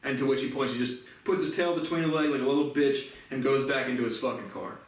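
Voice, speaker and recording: A man's voice: mid-range voice, fast. A man in his twenties telling a rambling, profane, indignant story in a casual vlog. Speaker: vlogger. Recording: very echoey room, distant mic.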